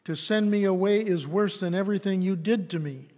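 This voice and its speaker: A man's voice: high voice, fairly quick, warm tone, big-room sound, highs cut off, lightly acted. A man reading the lines of a desperate young princess in a plain voice. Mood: pleading.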